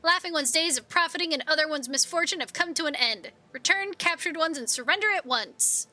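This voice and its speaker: A woman's voice: high voice, brisk, sharp tone, voice pushed up. A woman voicing a solemn elderly male beastman elder who speaks formally, in the third person. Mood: stern.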